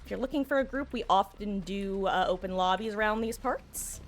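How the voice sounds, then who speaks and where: A woman from the United States, chatting casually and rambling as she streams a game, often clearing her throat. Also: mid-range voice, moderate pace, slight background noise. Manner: rambling, chatty, self-correcting. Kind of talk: casual live-stream chat while gaming.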